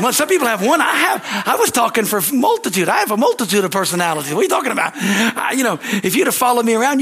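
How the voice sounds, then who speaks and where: A middle-aged man preaches with lively, storytelling energy. His voice sits a little higher than most men's. He throws out calls of amen to the room. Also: breathy edge. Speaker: pastor. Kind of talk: sermon.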